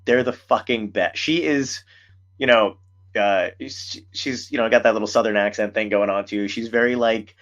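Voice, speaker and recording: A man hosting a podcast, telling stories in casual chat, animated and swearing freely. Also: on the low side, moderate pace, muffled recording. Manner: animated storyteller, swears a lot. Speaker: podcast host.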